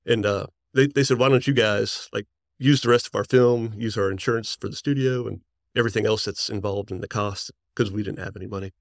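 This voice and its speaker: A man in his forties, a musician guest, telling stories in a rambling, excited way and laughing often. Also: lowish voice, brisk, creaky, no echo, clean studio sound. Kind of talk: casual storytelling.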